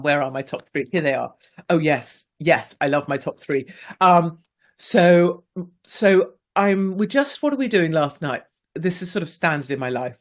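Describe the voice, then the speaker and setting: Chatty woman hosting talk radio. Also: sits low. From England. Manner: chatty, playful, reads listener messages aloud. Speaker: radio show host. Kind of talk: casual talk radio monologue.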